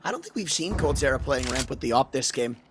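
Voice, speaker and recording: A man calling play-by-play as an esports caster, excitable and full of jokey banter. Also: medium pitch, fast talker. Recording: audible background noise.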